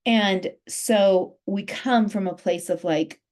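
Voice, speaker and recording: A woman's voice: mid-range voice, slow pace, a little mellow. Emphatic woman life coach on a call. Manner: emphatic, repeats key phrases. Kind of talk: motivational talk on a group call.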